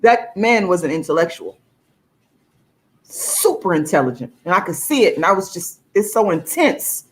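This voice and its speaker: A woman vlogger in a casual to-camera monologue, talking emphatically with plenty of swearing and her pitch jumping high for emphasis. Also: sing-song, normal speed. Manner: emphatic and profane, with laughs between points.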